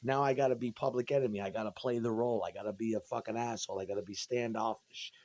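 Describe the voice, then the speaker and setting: A man's voice: lowish voice, fairly even intonation, fast talker, darkish tone. A man in a rambling, profane monologue from home, agitated and tripping over his words. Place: at home, indoors.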